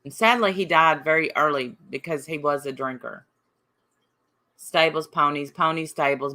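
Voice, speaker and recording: A woman's voice: low-pitched, normal speed, pushed and bright. Combative woman livestreamer. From Appalachia. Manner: combative, reading and answering chat comments. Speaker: livestream host. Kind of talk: casual livestream chat.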